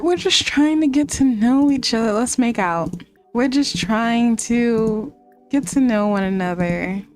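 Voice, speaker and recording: A woman in an excitable, talkative mood, narrating her game moves as she plays. Her voice leaps up in moments of delight. Faint game music sits behind her. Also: a little high. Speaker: gaming content creator. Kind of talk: casual gameplay commentary.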